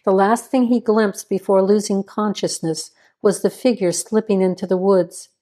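A woman narrates a crime story in a steady, even reading voice. Her tone is mellow and warm, never sharp, and she sits at a middling pitch. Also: normal speed.

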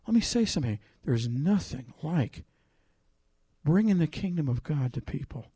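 A man preaching a sermon, reading scripture aloud with loud emphasis and telling a personal story in a quieter voice. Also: a little high, lively intonation, normal speed, husky, dry recording.

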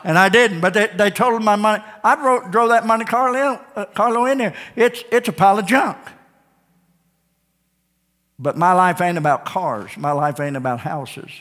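A pastor with a high-pitched, slightly bright voice preaches at normal speed in a church sanctuary. He tells folksy stories and jokes with his congregation before calling them to the altar. The live church sound carries long reverb and faint guitar.

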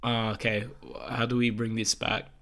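A man's voice: fairly low pitch, normal speed. Blunt, sweary man in banter. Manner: blunt, sweary, deadpan quips. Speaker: podcast co-host. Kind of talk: casual chat.

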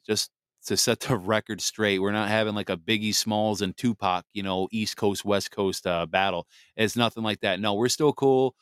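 Low smooth-voiced male podcast host. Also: steady tone, normal speed, fairly bright tone, no room sound, studio quality. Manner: rambling, many fillers and restarts. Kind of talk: casual solo podcast monologue.

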